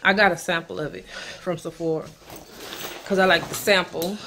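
A young woman vlogger chatting casually to her viewers, relaxed and slangy. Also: fairly low pitch, normal speed, background noise. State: out of breath at times. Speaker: family vlogger. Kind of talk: casual vlog chat to camera.

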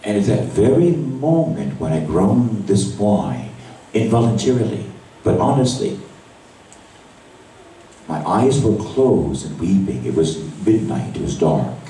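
A man, a priest, giving an emotional sermon that drops to a hush and rises to cries. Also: on the low side, sing-song, unhurried, slight background noise. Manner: emotional testimony, voice swinging from hushed to cries. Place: large church at a retreat Mass. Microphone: far camera recording. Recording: echoey church from far off.

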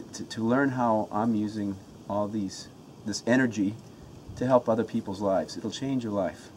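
A man's voice: medium pitch, darkish tone, a little hiss or hum. A man giving a casual self-help talk to the camera from his home, earnest and pumped up, often restarting and repeating his words. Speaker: motivational vlogger.

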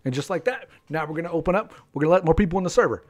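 Speaking very fast, a game streamer gives live commentary to viewers, addressing his players and bursting into high shouts. Keyboard typing can be heard behind him.

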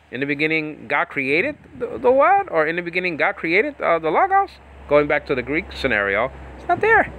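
Teaching Bible Greek informally, a man keeps breaking off into tangents, cutting himself off and laughing a lot. He speaks on the higher side, with a bright, forceful tone.

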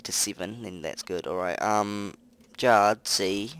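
A young man giving let's play commentary over a close mic, muttering to himself and breaking into loud, excitable outbursts. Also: on the low side, slow pace, clear, resonant tone. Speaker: gaming commentator. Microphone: close desk mic.

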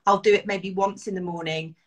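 A woman's voice: medium pitch, steady tone, a little fast. A middle-aged British woman, a guest in a casual beauty chat, enthusiastic and self-deprecating, laughing often.

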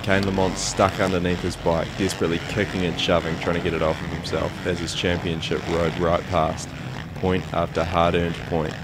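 A man giving calm, measured scripted narration for a race documentary. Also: sits low, very noisy. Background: music.

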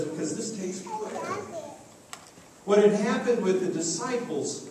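A man preaching a sermon as pastor, telling a story and acting out the voices in it. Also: high-pitched. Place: church sanctuary. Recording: echoey church, distant mic, faint noise.

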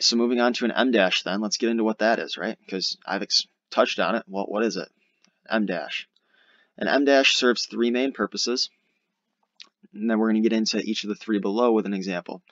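A man's voice: fairly low pitch, fairly bright tone, no room sound, dull audio. A young adult man tutoring SAT grammar in a casual, explanatory screen-recorded lesson. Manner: casual, explanatory, uses fillers like "all right".

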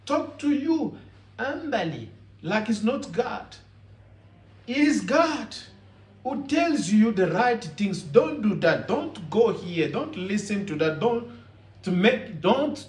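A man preaches slowly in a high, lively voice. He leans on emphatic, repeated phrases. The sound is roomy and echoey, and he is well back from the mic. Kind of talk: sermon. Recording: echoey room, from far off.

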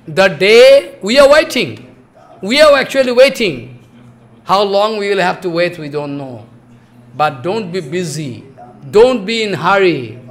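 Male preacher, high voice, lively, questioning, broken English sermon. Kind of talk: Harikatha discourse.

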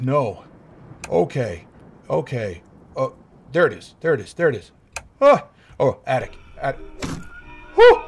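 Young male let's-player, husky, jittery, lively swings in pitch, talks to himself constantly. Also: moderate pace, soft background music. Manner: jumpy, nervous, talks to himself, yelps when startled. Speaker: gaming YouTuber. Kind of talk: horror game let's play commentary.

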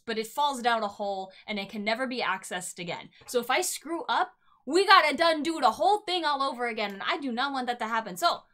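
A woman streamer giving casual let's-play commentary, chatty and talking to herself and the game, swinging between nervous and excited. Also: a little high.

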